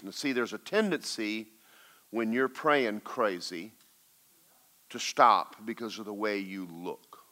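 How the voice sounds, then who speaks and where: This preacher's voice is on the low side and sing-song, and he takes his time. His sermon centers on a personal story, shifting from loud, urgent pleas to hushed, quiet narration.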